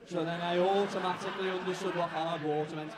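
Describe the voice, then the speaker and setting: A man's voice: sits high, steady tone, quick pace. A young man from the north of England with a Liverpool accent, doing a rambling, self-mocking stand-up set and chatting with the crowd. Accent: Liverpool (Scouse). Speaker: stand-up comedian. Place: comedy club stage with live audience. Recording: echoey club room with noisy crowd.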